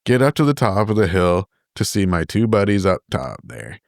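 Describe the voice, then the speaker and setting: Um homem jovem com sotaque canadense conta histórias cheias de palavrões num papo de podcast, rindo das próprias trapalhadas. A voz é baixa, lisa e ressonante, gravada bem seca e de perto, sem eco da sala. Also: male voice, deep voice, normal speed, creaky, dry recording, studio quality. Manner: profane, animated, laughs at his own stories. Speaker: podcast co-host. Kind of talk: casual storytelling chat. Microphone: podcast studio microphone.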